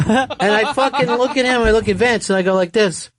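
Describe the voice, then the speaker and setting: Profane, animated man telling a story. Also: sits high, fast, background noise. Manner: animated, swearing, laughing, acting out shouts. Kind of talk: profane storytelling on talk radio.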